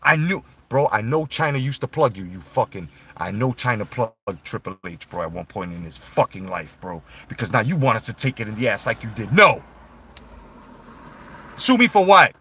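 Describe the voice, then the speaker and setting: A young adult man ranting about wrestling in loud, profane, mocking commentary. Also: lowish voice, animated, fairly quick, hardly any pauses, slight background noise.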